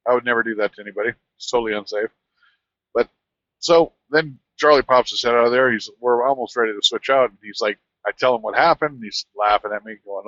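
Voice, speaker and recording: A man, a truck driver, telling a rambling, animated anecdote in casual conversation. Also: medium pitch, fast talker, no echo, dull audio. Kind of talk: casual storytelling.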